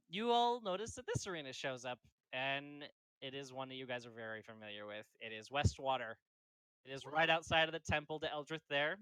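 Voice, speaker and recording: A man's voice: on the high side, sharp tone, smooth, dry recording, poor audio. A man narrating as game master in a casual, rambling way with many fillers.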